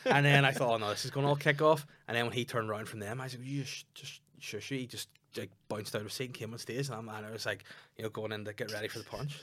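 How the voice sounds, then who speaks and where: A quick-talking young man with a Northern Irish accent tells comedy-gig stories on a podcast. He slips into the voices of the people he quotes, and his voice sits at an ordinary middle pitch. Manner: animated storytelling, acting out quotes. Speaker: stand-up comedian and podcast co-host. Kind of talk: casual podcast chat.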